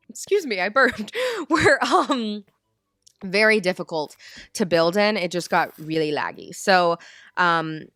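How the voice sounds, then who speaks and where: A woman chats casually about her game build, filling every pause with little fillers and asides. Her voice sits slightly low and sounds smooth and resonant. The recording is dry and close. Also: a bit bright, no echo. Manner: chatty, rambling, lots of fillers. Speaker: gaming channel host. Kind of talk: casual gameplay commentary.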